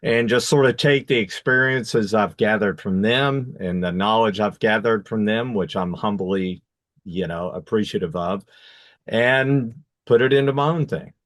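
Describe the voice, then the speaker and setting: A man's voice: on the low side, a bit bright, no echo, studio quality. A male guitarist in a casual interview, talking reflectively and correcting himself mid-sentence. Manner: reflective, halting, self-correcting. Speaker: guitarist, band member.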